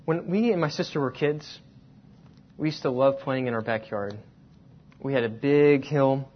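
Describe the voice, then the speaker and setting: A man preaching a sermon, telling a personal story and slowing down to stress key words. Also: mid-range voice, a little hiss or hum. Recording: dull lo-fi sound.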